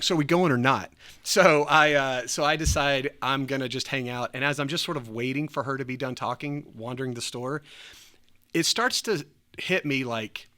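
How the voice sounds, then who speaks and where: A man telling a story in a casual chat, animated, laughing often and acting out what people said. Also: medium pitch. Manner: animated, acts out quoted voices, laughs often. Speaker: church podcast host.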